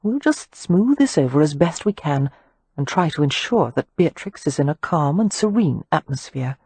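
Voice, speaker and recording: A woman's voice: low voice, big pitch swings, normal speed, warm tone, slightly rough, no echo, full character voice. A woman voicing a responsible, protective eldest sister who speaks in a firm, take-charge way in an audiobook. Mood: indignant.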